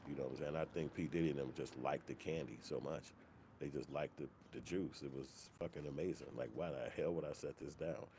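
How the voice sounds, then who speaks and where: Male host with a deep voice, casual and profane, animated opinion talk with a faint hiss. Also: fairly quick. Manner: profane, animated, slips into mock quoted voices. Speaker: commentary channel host.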